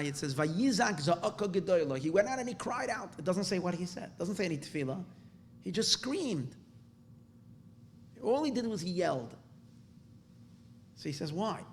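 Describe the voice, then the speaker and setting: A rabbi delivers a Torah class in a somewhat high, gravelly male voice. He talks with excitement, trips over his own words and restarts, and drops Hebrew terms into his teaching. A faint hiss of background noise runs under the recording. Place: live class in a room.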